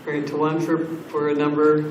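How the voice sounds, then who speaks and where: A man with a slightly raised pitch speaks earnestly at a council budget meeting, often restarting his sentences mid-thought. The chamber gives his voice a roomy echo. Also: completely flat delivery, brisk, darkish tone, distant mic, a little hiss or hum. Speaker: council member.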